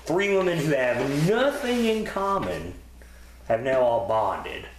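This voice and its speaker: A man's voice: a little high, sing-song, slow pace, a little hiss or hum. A man co-hosting a podcast, chatting casually about wrestling episodes in a rambling, profane way with many fillers. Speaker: podcast co-host. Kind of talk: casual wrestling review chat. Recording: roomy echo.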